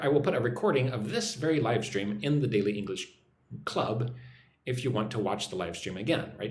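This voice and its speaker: Upbeat American man hosting an English lesson live; lively pitch, echoey room with a low hum. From United States. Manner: upbeat, reads viewer names aloud, models phrases to repeat. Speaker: English teacher live streaming. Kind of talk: casual live-stream lesson, reading chat comments. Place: home in a Vietnamese city.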